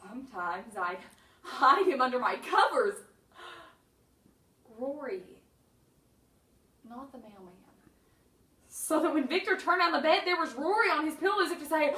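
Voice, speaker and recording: A woman reading her own humorous memoir with wry, deadpan comic timing and sudden bursts. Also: high-pitched, a little slow, pauses often, reverberant, far from the mic, poor audio.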